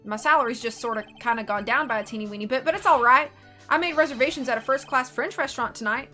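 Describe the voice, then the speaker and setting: A woman voicing a loud, goofy, broke male detective who calls everyone pal, as a dramatic game reading. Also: fairly high pitch, quick pace, soft background music. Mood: cheerful. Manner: boisterous, folksy, calls people pal.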